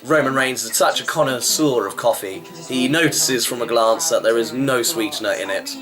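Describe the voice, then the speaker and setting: A man's voice: medium pitch, normal speed, music in the background, rough recording. A man giving a chatty, wry running review of a wrestling show, rambling with fillers. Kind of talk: casual vlog review.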